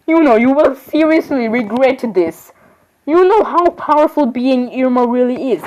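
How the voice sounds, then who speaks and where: A woman's voice: high voice, moderate pace, a little mellow, muffled recording. A woman voicing every doll in an improvised role-play, talking in a rambling, chatty way with sudden surprised squeals. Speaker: voicing all the dolls in a homemade role-play.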